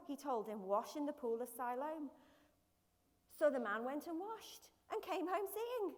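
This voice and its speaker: A woman gives a lively sermon in church, her voice high and bright. Her words ring out with the long reverb of a large hall, caught on a live stream. She breaks into quick everyday voices to make her points. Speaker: preacher.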